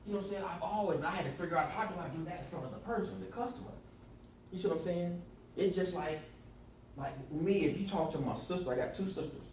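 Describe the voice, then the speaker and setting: Lively male workshop coach in an echoey room. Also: fast. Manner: lively storyteller, acts out quotes in high voices, sarcastic. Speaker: sales and life coach leading a workshop. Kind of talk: animated workshop talk to a small group. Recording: echoey room from far off, clear background noise.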